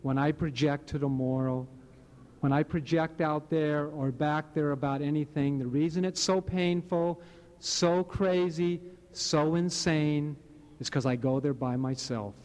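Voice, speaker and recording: A man's voice: fairly high pitch, steady tone, unhurried, a little mellow. A man in his late fifties from Hawaii, sharing his story with a live audience in an earnest, rambling way. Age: late 50s. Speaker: speaker sharing at a recovery meeting. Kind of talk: personal testimony to a live audience.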